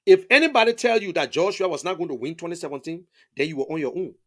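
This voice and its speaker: A man from Liberia speaking with a Liberian English accent, his voice sitting high for a man. He talks in an emphatic, repetitive rush of testimony. He restates his points and stumbles over repeated words as he argues. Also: expressive, quick pace, fairly bright tone. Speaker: interviewee, political supporter. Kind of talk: impassioned conversational testimony.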